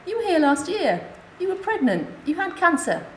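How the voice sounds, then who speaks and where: A woman voicing a kindly, excitable female ward nurse who gushes in a raised, emotional voice. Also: moderate pace. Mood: gushing. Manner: high, gushing and emotional. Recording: echoey lecture room, faint hiss.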